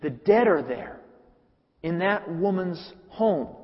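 Male preacher, emphatic sermon, fairly high voice, long hall reverb, muffled sound. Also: lively intonation, slow pace, husky. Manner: earnest, emphatic, repeats phrases for weight.

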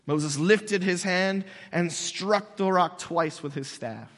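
A man preaching a casual, animated sermon, telling stories conversationally. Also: on the high side, takes it slowly. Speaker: pastor. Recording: long hall reverb.

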